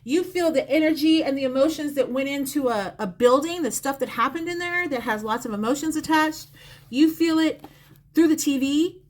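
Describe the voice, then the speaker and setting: Talking straight to the viewer during a live-stream psychic reading, a woman chats in a repetitive, conversational manner. Her voice sits high and moves at a moderate pace, captured by a phone or close mic.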